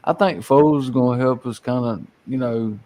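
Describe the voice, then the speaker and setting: A man's voice: medium pitch, moderate pace, dark tone. A man telling loose stories in a casual podcast chat, rambling with lots of fillers. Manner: rambling storyteller, many fillers, Southern slang. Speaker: podcast guest.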